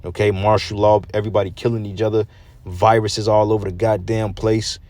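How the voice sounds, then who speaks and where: A man's voice: fairly low pitch, little pitch movement, fairly quick, a little mellow, dry recording. A man giving a blunt, profane street sermon, reading scripture and breaking it down with repeated "man" and "okay". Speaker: preacher.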